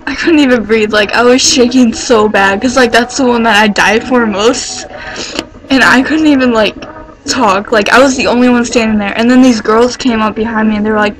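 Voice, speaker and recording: A woman telling a story in a casual vlog, rambling and excitable, filling her pauses with "like" and swearing casually as she gets worked up. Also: on the high side, low-quality recording. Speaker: vlogger.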